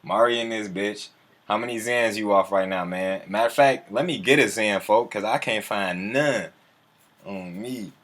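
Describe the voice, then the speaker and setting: Guy on a livestream just rambling, low-ish voice, cussing a lot, talking back to chat. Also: moderate pace, fairly bright tone. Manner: loose, profane slang-heavy rambling; answers viewer comments as they come in.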